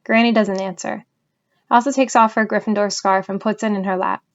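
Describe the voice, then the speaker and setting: A woman's voice: mid-range voice, brisk, muffled recording. Woman reading a novel aloud. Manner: even, storytelling narration. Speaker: audiobook reader.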